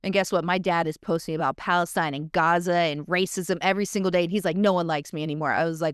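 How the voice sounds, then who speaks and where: Passionate woman with a smooth, low voice. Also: steady tone, quick pace, hardly any pauses, no echo, studio quality. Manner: passionate, emphatic, repeats phrases for emphasis. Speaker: podcast co-host. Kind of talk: casual podcast chat.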